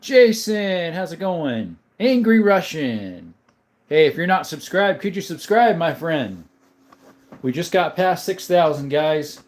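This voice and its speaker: A man's voice: a little high, big pitch swings, a little slow. A man hosting a live stream, chatting casually, greeting viewers by name and laughing often. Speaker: livestream host. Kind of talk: casual live chat reading comments.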